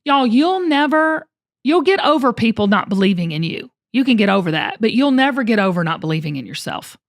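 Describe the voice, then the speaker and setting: A middle-aged woman who coaches her guests with earnest, emphatic talk. Her voice sits a little high, and she doubles up words as she pushes her point home. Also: very animated, brisk. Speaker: host and coach.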